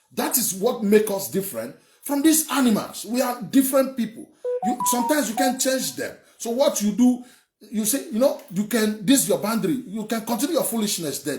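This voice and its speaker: A young man from Edo State, Nigeria, delivers heated political commentary online in a high-pitched, darkish voice. He is emphatic and rambling, repeating words and swearing, and the room is echoey.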